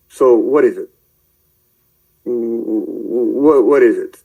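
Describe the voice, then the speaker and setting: A man preaching in a rambling commentary, shouting angry tirades at his listeners and then muttering to himself as he browses his screen. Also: mid-range voice, very slow, gravelly, pauses often, poor audio. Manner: addresses listeners directly, calling out believers. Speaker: online preacher.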